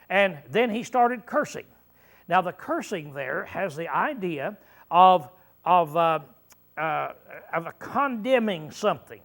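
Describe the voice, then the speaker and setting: A man preaching with a fairly high voice, walking his congregation through a Bible passage. He asks them questions as he goes and keeps clearing his throat between halting fillers. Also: lively intonation, fairly bright tone. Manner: teaching verse by verse, asking the listeners questions. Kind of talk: sermon.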